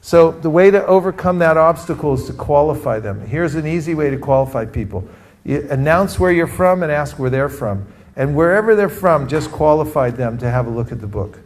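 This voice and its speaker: A man from California runs a lively workshop session, prompting his listeners to repeat and respond. His voice sits a little higher than most men's. He keeps the energy up throughout. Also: a little fast. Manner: energetic, calls for audience responses. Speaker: teacher leading a training session. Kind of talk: interactive workshop talk. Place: room with a live group.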